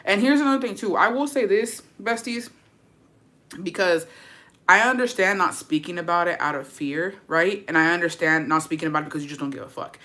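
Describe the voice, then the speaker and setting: A young woman vlogger chats casually to her viewers on camera, her voice on the low side, a little fast and a bit bright. She's slangy and profane and drops Spanish words into her talk.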